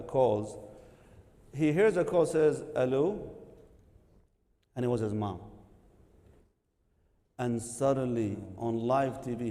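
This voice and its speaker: A man telling an animated religious story to a gathering, laughing and acting out what people say. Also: medium pitch, big-room sound. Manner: lively, laughing, acts out quotes.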